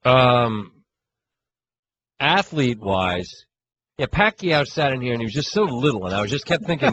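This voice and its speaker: A male sports radio host in casual talk, wry and rambling, often doubling back mid-sentence. His voice sits at an everyday pitch, with faint noise in the background. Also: animated, normal speed, fairly bright tone, rough recording. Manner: wry, chatty, rambling with restarts.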